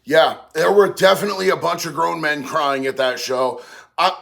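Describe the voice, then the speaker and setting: A man's voice: on the high side, moderate pace, vocal fry, fairly bright tone. A man hosting a casual livestream, reading chat aloud and answering in slangy, streetwise talk. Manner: slangy, streetwise, says bro a lot.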